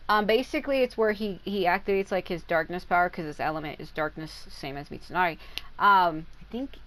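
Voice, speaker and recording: A woman's voice: lowish voice, poor audio. Chatty woman explaining a video game. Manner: chatty, stumbles over long foreign names, swears casually. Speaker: gaming content creator. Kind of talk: casual explanatory game talk.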